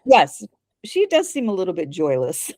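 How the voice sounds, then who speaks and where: A woman with a fairly low voice, talking at normal speed on a dry recording, co-hosts a casual podcast. She recounts a drama scene by scene, acting out the dialogue aloud with spirited quotes and laughs.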